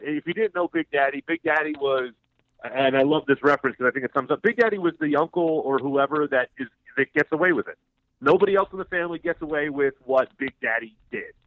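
A man calling in as a guest, telling relaxed, rambling stories with a few laughs. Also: fairly high pitch, a little fast, no room sound. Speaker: phone-in guest. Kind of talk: casual chat, storytelling. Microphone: phone. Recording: tinny phone line.

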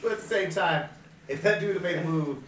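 A man telling a story in an animated way in casual chat with friends, laughing often. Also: sits high, a little fast, recorded from a distance. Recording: echoey room away from the mic, with chatter.

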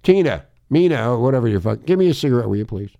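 A man's voice: mid-range voice, animated, fast, creaky, warm tone, no room sound, highs cut off. A man hosting talk radio who rants in a profane, emphatic and confrontational way. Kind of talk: ranting talk radio monologue.

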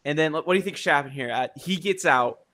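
A young co-host with a fairly high, sharp voice talks quickly in a casual brainstorming chat. He tells his idea as a story, acting out scenes with sound effects.

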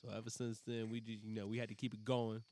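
A man's voice: lowish voice, flat delivery, fast talker, a little mellow. A young man on a casual podcast, trading slangy, joking banter with friends. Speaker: podcast co-host.

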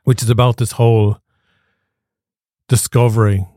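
A man hosting a podcast, talking in a relaxed, reflective way with short agreeing replies. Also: fairly low pitch, unhurried, no echo, studio quality. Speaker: podcast host. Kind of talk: casual interview chat.

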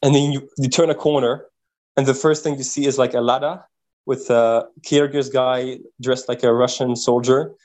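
A man from Quebec, a podcast guest telling travel stories in a casual, animated way, often repeating words as he thinks. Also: medium pitch, normal speed, poor audio. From Quebec, Canada. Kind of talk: casual interview storytelling.

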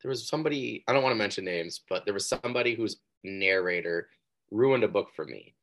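Man, podcast host, very deep voice, upbeat, casual, rambling. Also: animated, a bit bright, a little hiss or hum. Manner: upbeat, quick reactions, rambling asides. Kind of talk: casual interview chat.

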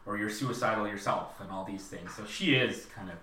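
A man co-hosting a podcast, chatting casually and acting out film lines in a high voice. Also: fairly quick, sharp tone. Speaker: podcast co-host. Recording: roomy, distant mic.

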